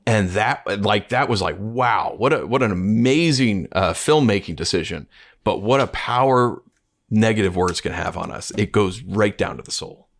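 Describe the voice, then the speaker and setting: Animated middle-aged male co-host. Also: on the low side, normal speed. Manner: animated storytelling with restarts. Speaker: podcast co-host. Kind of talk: casual discussion.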